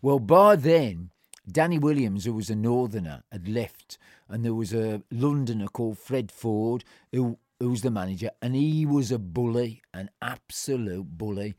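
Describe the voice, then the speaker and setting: A man's voice: animated, normal speed, no echo, clean studio sound. An older man recounting a personal story in a blunt, plain-spoken and colloquial way, acting out remembered exchanges. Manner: acts out remembered exchanges with shifting pitch and loudness.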